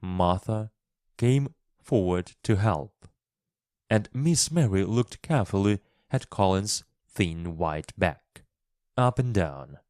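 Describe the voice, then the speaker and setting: Low, slow, expressive male storyteller. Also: dry recording, clean studio sound. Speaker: storyteller and English teacher. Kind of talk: storybook reading for English learners.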